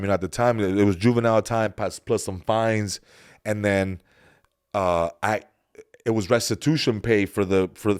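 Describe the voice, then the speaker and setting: A man hosting a podcast, telling loose, slangy stories and switching between English and Spanish. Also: on the low side. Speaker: podcast host. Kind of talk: casual podcast chat and read sponsor ad.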